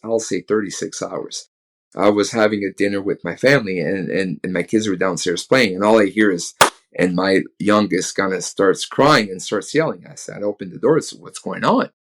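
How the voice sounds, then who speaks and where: A man in his thirties, a guest speaker on a podcast, telling a lively story, chuckling often and checking in with "right?". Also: lowish voice. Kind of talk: casual podcast talk.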